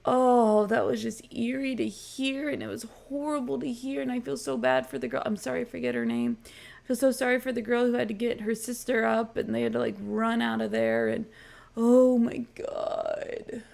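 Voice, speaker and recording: A woman's voice: fairly high pitch, fairly even intonation, fairly quick, gravelly, darkish tone. A woman hosting a reaction channel, casually recapping a TV episode with lots of ums and likes, chatty and gushing.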